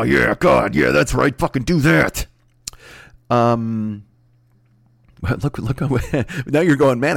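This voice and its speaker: A man's voice: lowish voice, no room sound, clean studio sound. A man in his forties hosting a solo podcast from his apartment, rambling and swearing as he talks straight to his listeners. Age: 40s. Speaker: podcast host. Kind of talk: solo comedic rant. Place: apartment room, alone.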